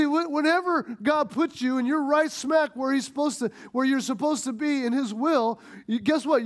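A middle-aged man from the United States preaching a sermon, retelling a story and acting out its dialogue, with frequent restarts. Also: high voice. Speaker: pastor.

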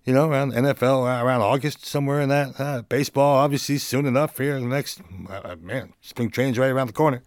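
A man's voice: medium pitch, steady tone, quick pace, few pauses, no echo, studio quality. A man hosting a casual solo podcast, laid-back and joking, chuckling now and then as he talks. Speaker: podcast host.

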